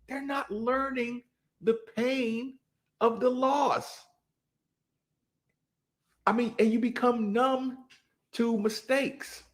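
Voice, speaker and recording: A man hosting a casual chat, telling a story in an animated way, acting out quotes with big jumps in his voice. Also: extremely high pitch, slow pace. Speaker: podcast host.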